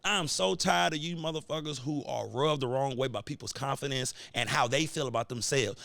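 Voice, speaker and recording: A man's voice: mid-range voice, a little fast, gravelly, pushed and bright, no room sound. A man hosting a podcast, delivering a heated, profane, preachy sports rant in AAVE. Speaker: podcast host. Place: cigar lounge studio.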